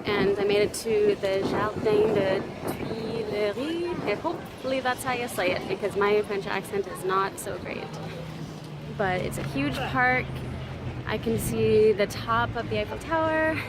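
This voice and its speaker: A young woman talks casually into a handheld camera as she strolls outdoors, her chatty, rambling speech full of fillers. Loud street traffic and city noise fill the background. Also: medium pitch, unhurried. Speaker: travel vlogger. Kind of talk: casual walking vlog.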